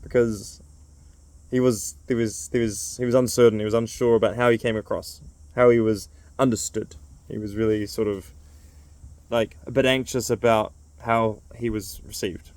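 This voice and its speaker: A man's voice: lowish voice, steady tone, normal speed, a little mellow, dry recording. A man who runs a men's circle, telling a casual, rambling story full of fillers.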